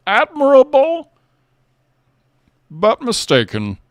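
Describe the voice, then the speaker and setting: A man doing an impression of a hulking masked male villain, speaking in a slow, theatrical cadence that swoops up and down. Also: extremely high pitch, wildly swooping pitch, no echo, studio quality, voice pushed up, full character voice. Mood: menacing.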